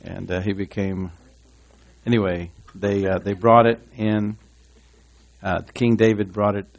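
A man's voice: lowish voice, level tone, unhurried, vocal fry. A man preaching a sermon in a church, rambling and folksy with asides and restarts, reading scripture aloud to his congregation. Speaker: pastor.

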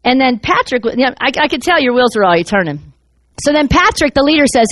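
Animated woman preaching a story sermon. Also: a little high, fast, dry recording. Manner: animated, acts out voices in her stories.

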